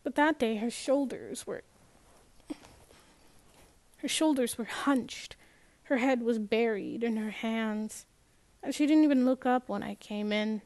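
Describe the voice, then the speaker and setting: A woman reading a first-person novel aloud in a measured way, with small restarts and slips. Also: fairly high pitch, darkish tone, no echo. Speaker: audiobook narrator.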